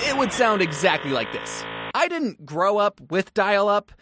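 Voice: medium pitch, sing-song, moderate pace, noisy background. A creator in their twenties narrating a scripted video in a wry, self-mocking way, with playful asides. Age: 20s. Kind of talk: casual scripted commentary.

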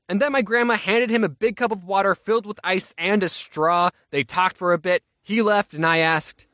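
A man's voice: high voice, moderate pace, few pauses, sharp tone, dry recording, clean studio sound. A young adult man, a YouTuber, telling a comic storytime in a wry, self-mocking way. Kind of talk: animated storytime.

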